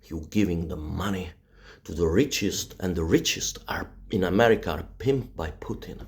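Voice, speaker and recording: A man's voice: deep voice, normal speed. A man delivering a mocking, profane satirical rant in broken English, dropping into whispers and breaking into laughter. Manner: broken, non-native English grammar. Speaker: vlogger. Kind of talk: satirical ranting monologue.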